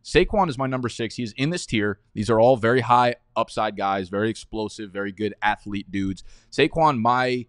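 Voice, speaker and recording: Man, fantasy football analyst, fairly low voice, blunt and excitable, rattles off stats, dry close sound. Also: normal speed, hardly any pauses, smooth, no echo. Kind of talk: casual opinionated rankings rundown.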